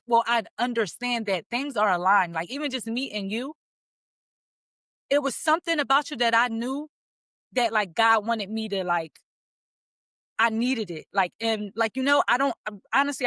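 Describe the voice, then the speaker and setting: A woman's voice: fairly high pitch, a bit bright, dry recording. A woman in her thirties from Philadelphia, a podcast guest who talks candidly about herself, laughing easily as she retells her experiences. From Philadelphia, USA. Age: 30s. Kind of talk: casual personal storytelling.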